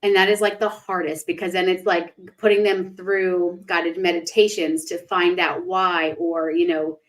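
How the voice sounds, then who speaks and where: A woman's voice: lowish voice, little pitch movement, normal speed, rough recording. A young woman, a spiritual life coach, hosting a casual livestream chat and acting out quoted thoughts in a raised voice.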